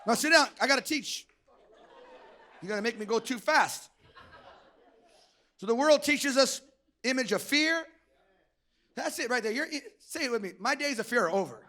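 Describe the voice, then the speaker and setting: A man's voice: very high voice, expressive, moderate pace, long pauses, a faint crowd, a little hiss or hum. A male pastor preaching a fired-up, joking church sermon and calling for amens. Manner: shouting, joking, calls for amens. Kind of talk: energetic sermon.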